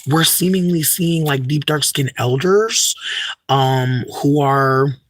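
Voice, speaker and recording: A man's voice: on the high side, slow pace, no room sound, studio quality. A young man talking casually to a livestream chat, ranting emphatically with lots of swearing and restarts. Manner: profane, emphatic, many fillers and restarts.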